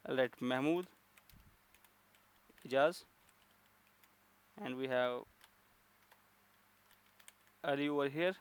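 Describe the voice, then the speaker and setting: A man's voice: medium pitch, smooth. A man teaching a coding lesson, explaining step by step with frequent fillers and restarts. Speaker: programming instructor.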